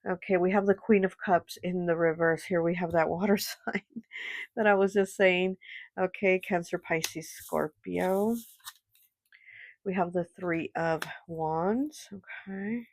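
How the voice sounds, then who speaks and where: A woman's voice: lowish voice, fairly even intonation, slow pace, slight background noise. A woman giving a casual pick-a-card tarot reading, rambling and repeating herself with many "like" and "you know" fillers. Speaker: tarot reader.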